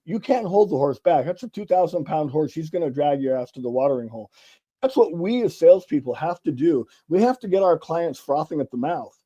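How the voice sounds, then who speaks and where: A middle-aged man from California, a sales author and guest, telling lively stories in a casual interview and acting out the dialogue. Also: fairly high pitch, fairly quick, lo-fi sound. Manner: animated storyteller acting out dialogue, casual swearing. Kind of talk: conversational interview storytelling.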